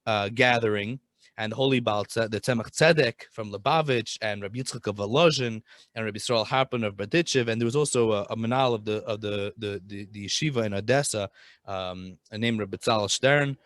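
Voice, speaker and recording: A man's voice: medium pitch, a bit bright, no echo. A man casually telling a Hasidic story, talking informally with many restarts and Yiddish and Hebrew terms.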